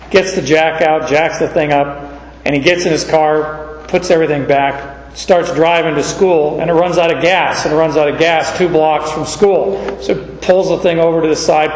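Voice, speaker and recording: Man preaching a sermon in an echoey hall. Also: fairly high pitch. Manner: conversational storytelling with fillers. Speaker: pastor.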